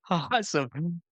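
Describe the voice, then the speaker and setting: A man's voice: sits high, dry recording, highs cut off. A man hosting a podcast interview, talking enthusiastically in a casual chat with frequent restarts. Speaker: podcast host.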